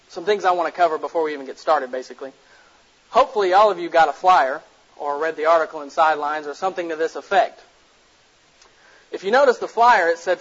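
A man's voice: fairly high pitch, fairly bright tone. A man giving a casual public lecture to an audience, blunt and direct, telling jokes and stories. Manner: blunt, direct, jokey storyteller. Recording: muffled lo-fi recording.

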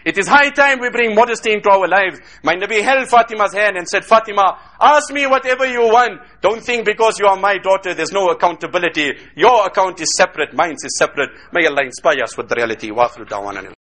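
A man's voice: high voice, animated, fast, hardly any pauses, sharp tone. A man preaching a sermon, telling religious stories with emotion and reciting Arabic phrases. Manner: emotive storytelling, quoting Arabic.

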